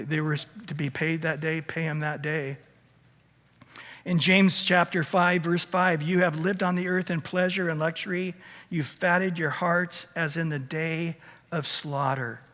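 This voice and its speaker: A man preaching in an earnest, conversational way, often stumbling over his words and starting again. His voice sits a little high for a man. The sound carries a long reverb from the church hall around him. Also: fairly bright tone. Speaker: pastor. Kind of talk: sermon. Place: church sanctuary.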